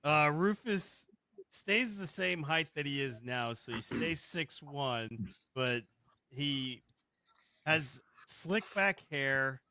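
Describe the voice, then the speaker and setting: A man playing in a tabletop game, describing his character slowly and haltingly. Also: on the high side, expressive, bright, forceful tone, dry recording. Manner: slow, halting, hesitant. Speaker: player. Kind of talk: casual tabletop play.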